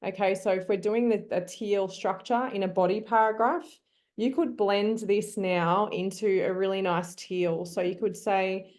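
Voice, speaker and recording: A woman leads a live online class over a computer mic. She coaxes her students to join in and pauses with ums as she works out her thoughts aloud. Her pitch sits in a middle range. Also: fairly even intonation, a little mellow. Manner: coaxing, thinks aloud with frequent ums. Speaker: teacher.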